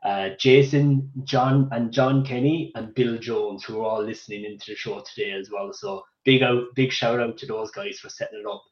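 Guest spot: Irish man from Cork, casual and halting, roomy muffled sound. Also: medium pitch. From Ireland. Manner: chatty, hesitant with many fillers. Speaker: radio guest. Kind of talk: casual radio interview.

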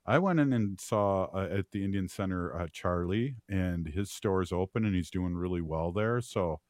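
A man's voice: low voice, moderate pace, darkish tone, dry recording, clean studio sound. A man hosting a community radio show, chatting casually with many fillers and easy laughs. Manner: rambling, filler-heavy, laughs easily. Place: radio studio.

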